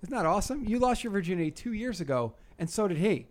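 A man's voice: high-pitched, big pitch swings, fast, a little hiss or hum. A man hosting a podcast, teasing his guests and swearing freely in casual chat. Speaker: podcast host.

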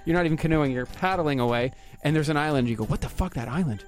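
A man's voice: a little high, expressive, fast, hardly any pauses, faint music behind. A man hosting a podcast, joking and swearing freely in casual banter. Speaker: podcast host.

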